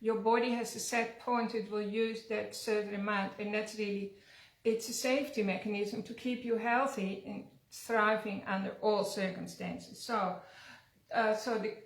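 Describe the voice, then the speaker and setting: A woman hosting a casual health chat, talking loosely with fillers. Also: mid-range voice. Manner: chatty, uses fillers like "like" and "um". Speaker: wellness centre host. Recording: echoey room.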